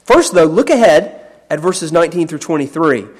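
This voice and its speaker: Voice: medium pitch, lively intonation, normal speed, a little mellow. A Bible teacher giving a sermon, explaining a passage with emphasis and often repeating words.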